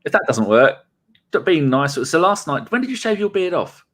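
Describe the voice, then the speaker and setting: Joking podcast co-host. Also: male voice, a little high, moderate pace. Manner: joking, lively banter. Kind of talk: casual football chat.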